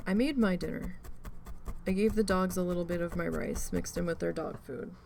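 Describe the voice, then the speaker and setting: Crafting host, woman, gravelly fry, rambly storyteller with lots of ums, faint noise. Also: lowish voice. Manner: rambling, animated, swears freely, many fillers. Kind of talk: casual storytelling while crafting.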